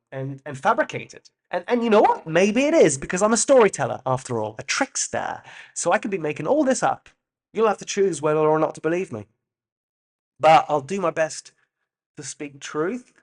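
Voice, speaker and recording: A man talking through a solo podcast in a musing, playful way, wandering into asides and dropping the odd swear word. His voice sits slightly high for a man. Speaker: podcast host. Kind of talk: reflective solo monologue.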